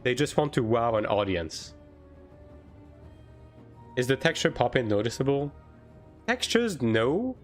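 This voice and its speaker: A man chatting casually on a live game stream, answering chat with lots of fillers and quick bursts. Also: medium pitch, faint music behind.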